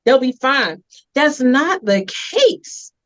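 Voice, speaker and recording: A woman's voice: high voice, big pitch swings, slow, lo-fi sound. A woman host and community advocate with a Philadelphia accent, telling a heartfelt story in an earnest, emphatic way on a TV interview show.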